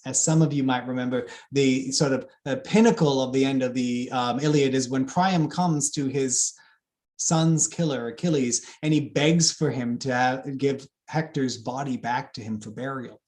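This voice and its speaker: A man giving a lively public lecture on epic poetry, with fillers and asides to the audience. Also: mid-range voice. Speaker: classics lecturer.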